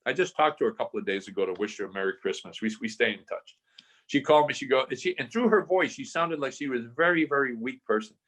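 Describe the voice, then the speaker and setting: Animated older man telling a story. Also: medium pitch, fast talker. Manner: animated storyteller, acts out dialogue. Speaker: real estate investor guest. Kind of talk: casual storytelling interview.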